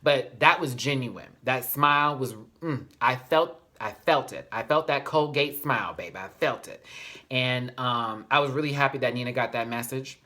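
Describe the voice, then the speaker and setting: A man's voice: mid-range voice, normal speed, pushed and bright. Sassy, emphatic male vlogger. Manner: sassy and emphatic, calls viewers y'all; heartfelt, speaks openly about feelings. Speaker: reality TV reviewer. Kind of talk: casual vlog commentary.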